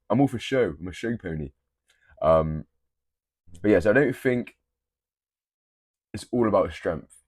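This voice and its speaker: Young man, blunt and cheeky, lower register, dry close-miked read. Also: darkish tone, husky, no room sound. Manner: blunt, swearing, teasing. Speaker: fitness creator. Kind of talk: casual gym tips to camera.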